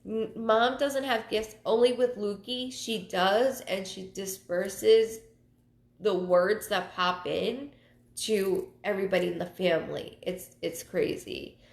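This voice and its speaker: A woman psychic medium hosting her live show, chatting casually and telling personal stories in a halting way, often repeating words. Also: mid-range voice, vocal fry. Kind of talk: casual livestream talk. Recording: roomy echo.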